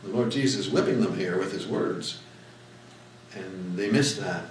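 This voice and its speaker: A man's voice: low-pitched, measured pace, far from the mic, a little hiss or hum. Male pastor, folksy storytelling sermon, very echoey room, mic set back. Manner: folksy storytelling, emphatic rises on key words. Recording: echoey room mic'd from afar.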